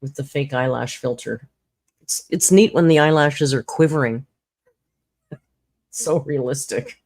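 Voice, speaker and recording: A woman's voice: extremely low pitch, a little slow, pauses often, darkish tone, no echo. A woman hosting a casual livestream, chatting, laughing often and reading out viewer comments. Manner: chatty, laughs often, reads chat aloud. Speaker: livestream host.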